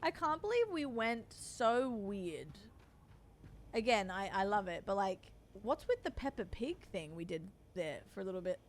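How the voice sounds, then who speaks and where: Playing on a live stream, a young Australian woman talks familiarly with her audience, using pet names like doll and babe. She sounds very animated at medium pitch and moderate pace, with a little hiss or hum in the audio.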